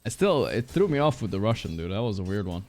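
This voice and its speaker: A man's voice: fairly low pitch, very animated, quick pace, a little mellow. A man streaming and reacting to a match, talking loosely with viewers and swearing. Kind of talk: casual stream commentary.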